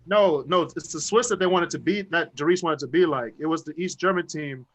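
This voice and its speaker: Casual co-host, man, slightly high voice, laughs a lot, acts out quotes. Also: a little fast, fairly bright tone. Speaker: podcast co-host. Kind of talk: casual chat.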